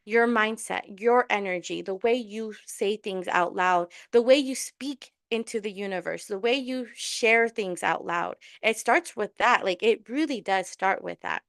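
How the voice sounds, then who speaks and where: A woman's voice: mid-range voice, a little slow, gravelly, hardly any pauses, a bit bright, no echo, clean studio sound. A woman giving a tarot and spiritual workshop in an earnest, encouraging casual talk, with many restarts. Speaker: tarot reader and spiritual coach.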